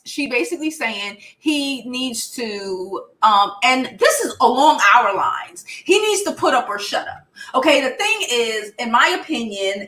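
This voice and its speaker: A woman with a Brooklyn accent riffs through casual pop culture commentary, blunt and profane, her voice bright and a touch high. She sounds like she is in an echoey room. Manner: blunt and profane, animated retelling.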